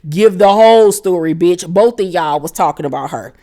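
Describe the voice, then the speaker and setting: A woman's voice: on the low side, lively intonation, normal speed, warm tone. A woman hosting a casual recap of a reality TV episode, blunt and profane, with dramatic asides and frequent laughter. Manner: laughs often while retelling scenes.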